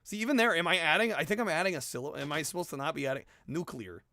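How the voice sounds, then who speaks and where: A male streamer chatting casually with his viewers, animated and argumentative, laughing often and swearing now and then. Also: fairly high pitch, very fast, slight background noise. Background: background music.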